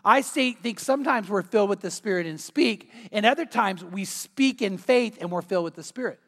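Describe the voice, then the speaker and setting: Pastor, earnest conversational sermon, mid-pitched voice with a long hall echo. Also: expressive, brisk. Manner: earnest, conversational preaching with rhetorical questions.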